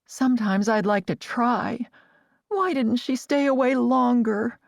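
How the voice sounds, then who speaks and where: A woman's voice: a little slow, vocal fry, no echo, clean studio sound. A woman voicing Cherish, upset and pleading. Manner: upset, pleading, raised in pitch. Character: headstrong young Amish woman grieving her lost bird.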